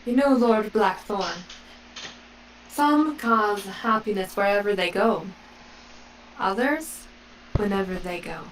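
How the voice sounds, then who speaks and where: A woman's voice: mid-range voice, expressive, slow, long pauses, far from the mic, slight background noise, poor audio. A woman player talking in character in a tabletop game, sassy and exasperated. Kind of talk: in-character role-play.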